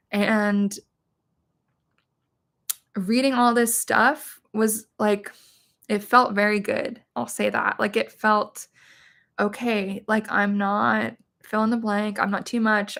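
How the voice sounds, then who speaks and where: A middle-aged woman hosts a casual livestream and talks to her viewers candidly. Her voice carries a gravelly creak at mid pitch, and she speaks with emphasis and swears freely. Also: fairly bright tone. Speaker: livestream host, witch and medium.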